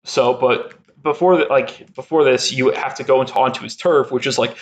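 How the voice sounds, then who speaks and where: A man's voice: medium pitch, steady tone, a little fast. Rambling young man with lots of laughter. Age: young adult. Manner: rambling, laughs often, many "like" fillers. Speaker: podcast guest. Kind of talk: casual chat.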